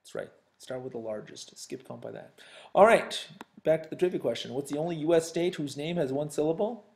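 A man teaching math in a recorded lesson, speaking directly to his students. His voice sits a little high and has a gravelly edge. He keeps things chatty and slips in jokes between worked examples. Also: expressive, brisk, a little mellow.

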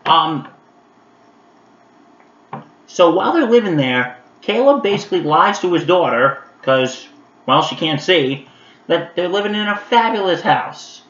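A man reviewing an old animated holiday special in a casual vlog, chatty and animated with lots of fillers, talking straight to his viewers. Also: fairly high pitch, a little slow, pauses often, a little hiss or hum. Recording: roomy, dull lo-fi sound.

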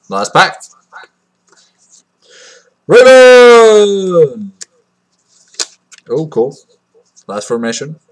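A man with a high voice, unboxing on his own and reacting out loud. He jumps from yelps to low mutters, unhurried between outbursts, and mocks himself crudely. The sound comes through a cheap computer mic. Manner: crude, joking self-mockery. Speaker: card unboxing vlogger. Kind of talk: excitable unboxing commentary. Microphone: cheap computer mic that cuts out.

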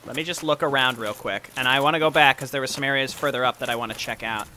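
Bright-voiced man doing game commentary. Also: medium pitch, fast talker, a little hiss or hum. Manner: chatty, wry, bursts of excited yelps. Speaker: gaming video host. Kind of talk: let's play commentary.

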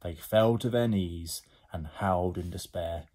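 Male reader, husky, lively, lower voice, school story time. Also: a little slow. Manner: expressive, animated. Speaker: teacher. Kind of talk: storybook reading aloud.

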